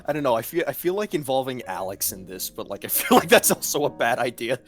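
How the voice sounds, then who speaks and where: A woman's voice: very deep voice, sing-song, fast, faint music behind. A woman chatting casually with friends during a game stream, often hesitant and trailing off. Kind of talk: casual gaming chat.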